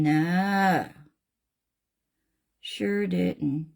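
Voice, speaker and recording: Slow-talking southern lady chatting w/ viewers while she paints, gravelly voice. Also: fairly low pitch, a little mellow. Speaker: craft channel host. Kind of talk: live craft tutorial chat.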